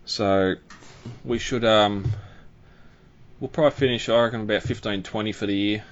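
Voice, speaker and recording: A man's voice: on the low side, fairly even intonation, normal speed, lo-fi sound. A man hosting a podcast in casual chat, rambling with lots of fillers and restarts. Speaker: podcast host.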